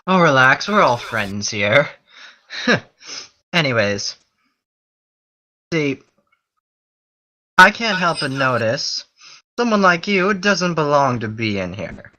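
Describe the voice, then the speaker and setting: A man's voice: on the high side, sing-song, slow, long pauses, sharp tone, heavily acted. A man voicing a cocky, laid-back male rogue who talks smugly while recruiting allies.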